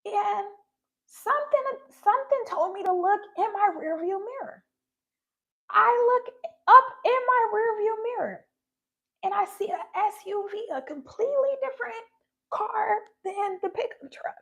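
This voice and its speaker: High, gravelly-voiced woman telling a story. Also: measured pace. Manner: earnest, animated retelling with acted quotes. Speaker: spiritual livestream host. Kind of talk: personal storytelling on a livestream. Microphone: phone livestream.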